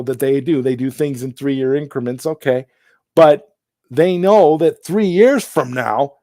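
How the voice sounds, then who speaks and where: A man hosting a live stream talks in a loose, rambling way, doubling back and restarting his sentences as he greets people in the chat. His voice sits a little high for a man, and the sound is dry and close to the mic. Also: darkish tone, no room sound.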